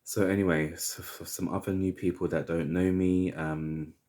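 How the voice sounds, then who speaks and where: A man in his thirties with a London accent, chatting casually to camera as a hair vlogger, chatty and opinionated with drawn-out asides. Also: low-pitched, level tone, warm tone. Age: 30s.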